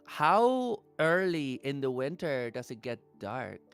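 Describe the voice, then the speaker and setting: A man's voice: mid-range voice, big pitch swings, fairly bright tone, clear, resonant tone, soft background music. A man from Argentina chatting casually as a stream guest on an online call, rambling and restarting his sentences often. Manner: rambling, halting, with many restarts. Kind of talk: casual chat.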